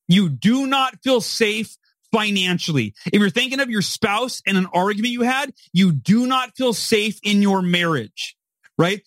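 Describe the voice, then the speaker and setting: The speaker is a forty-something author being interviewed on a podcast, his voice high-pitched and fairly bright with no echo. He makes emphatic motivational points and habitually caps them with the tag question "right?"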